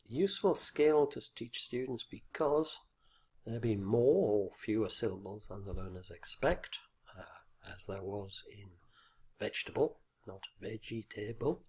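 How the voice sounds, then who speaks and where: A man explaining a teaching point in an instructional video lesson, speaking deliberately with fillers and repeating example words with exaggerated stress. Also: fairly low pitch, husky. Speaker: teacher trainer.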